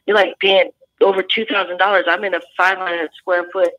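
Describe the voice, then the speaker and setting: A woman's voice: lowish voice, little pitch movement, fairly quick. Earnest woman veteran on a muffled line. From California. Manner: earnest, many restarts. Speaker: guest veteran. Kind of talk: phone-in talk show interview.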